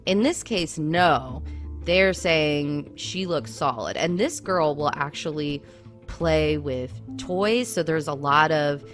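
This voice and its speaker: Low-pitched woman co-host, casual chat full of "I mean", faint music in the background. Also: takes it slowly. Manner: chatty, with lots of "like" and "I mean". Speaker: podcast co-host.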